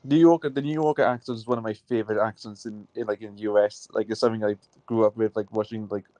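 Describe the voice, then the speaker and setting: A man as a guest on a live stream, talking casually and haltingly, full of restarts and fillers. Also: fairly low pitch, steady tone, dark tone, dry recording, low-quality recording. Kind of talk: casual conversation.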